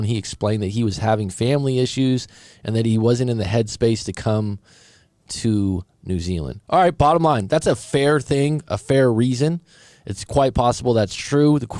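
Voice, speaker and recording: A man's voice: mid-range voice, darkish tone, no room sound, clean studio sound. A man, a breakup coach, reads out a viewer's story and comments on it in a casual, direct way, sometimes stumbling over his words. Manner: casual and direct, thinks aloud, some stumbles.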